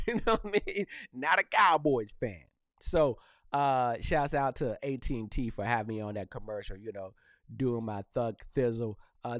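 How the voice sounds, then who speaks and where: A man hosting a podcast, talking casually and joking in loose, animated trash talk. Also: medium pitch, dry recording, studio quality. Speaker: podcast host. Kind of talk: casual solo podcast rant.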